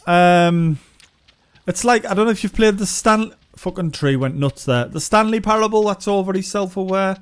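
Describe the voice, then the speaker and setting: A man's voice: high voice, normal speed, clear, resonant tone. Sarcastic, swearing game reviewer, man. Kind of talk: let's-play commentary.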